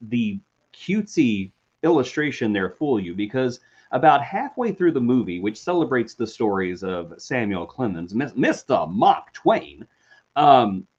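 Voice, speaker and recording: A man co-hosting a casual chat about TV and film, telling a story with enthusiasm. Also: medium pitch. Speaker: co-host. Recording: dull lo-fi sound.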